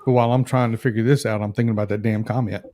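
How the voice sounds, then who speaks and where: A man tasting whiskey with friends in casual chat, often halting and restarting his thoughts. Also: lowish voice, fairly even intonation, dark tone, dry recording. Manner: hesitant, self-correcting. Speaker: guest taster.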